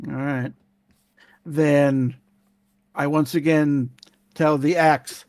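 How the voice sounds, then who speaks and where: A man playing a tabletop role-playing game, steady, often murmuring quiet affirmations. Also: on the high side, drawn-out words, long pauses, no room sound, clean studio sound. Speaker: player.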